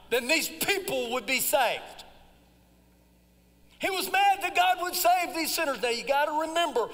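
High-voiced preacher. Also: male voice, animated, measured pace. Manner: swings from low asides to loud shouted emphasis; folksy, conversational preaching. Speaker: pastor. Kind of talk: live sermon. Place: church sanctuary during a service. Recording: long hall reverb.

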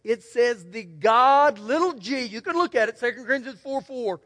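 A man's voice: very high voice, animated, normal speed, a bit bright. A man preaching a sermon as pastor, folksy and emphatic, telling stories and repeating key words. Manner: folksy, storytelling, emphatic repetition. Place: church sanctuary. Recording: long church hall reverb.

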